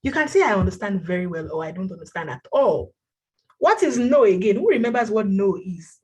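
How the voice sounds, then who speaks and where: A woman's voice: mid-range voice, big pitch swings, fairly quick, darkish tone, husky. A woman teaching an online language class over a video call, encouraging her students and repeating words for them to copy.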